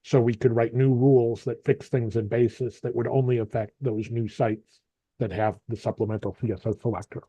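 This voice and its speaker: A man's voice: mid-range voice, fairly even intonation, fairly quick, dark tone, husky, dry recording. A man running an online meeting over a video call, talking casually and often repeating words as he thinks. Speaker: meeting facilitator.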